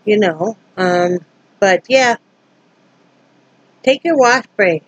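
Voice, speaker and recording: A woman's voice: medium pitch, very slow, slightly rough, dry recording, poor audio. A woman from Wyoming telling a story to her camera in a casual, rambling way, acting out both sides of a tense encounter with many restarts. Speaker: vlogger.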